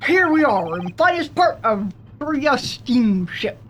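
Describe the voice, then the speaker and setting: A woman's voice: sits high, big pitch swings, measured pace, slight background noise. A woman voicing a rude grown male sailor in a mock Russian accent, speaking blunt broken English while reading game dialogue aloud. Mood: surly.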